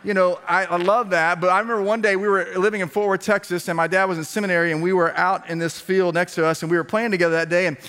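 A man preaching a sermon as a pastor, telling stories in a lively, conversational way with repeated phrases, speaking to a congregation in a church. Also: high-pitched, fast talker, hardly any pauses. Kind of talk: storytelling sermon. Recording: long reverb of a large hall.

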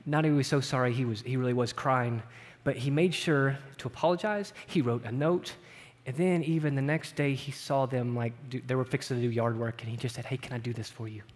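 A middle-aged man preaching a sermon in a conversational way, often asking "right?" and moving between loud, lifted passages and hushed ones. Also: mid-range voice, brisk, hardly any pauses. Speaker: pastor. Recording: long hall reverb.

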